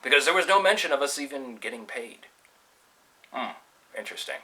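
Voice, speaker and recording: A man from California telling a personal story casually, animated and swearing freely as he acts out the people in it. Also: mid-range voice, fast, poor audio. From California, USA.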